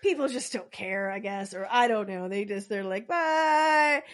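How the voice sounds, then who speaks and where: A woman's voice: medium pitch, normal speed. A woman casually telling a true story on a podcast, rambling with lots of filler words and acting out quotes.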